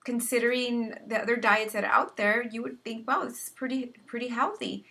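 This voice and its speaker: A young adult woman telling a personal story in casual testimony style, earnest and halting, often repeating words as she restarts. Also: fairly high pitch, creaky, sharp tone. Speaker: vlogger sharing personal story.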